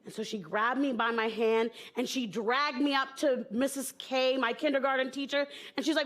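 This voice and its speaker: A woman's voice: high voice, normal speed, hardly any pauses, a bit bright. A woman improvising comic stories on stage, chatty and playful, with frequent "like" fillers. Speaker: improv comedian.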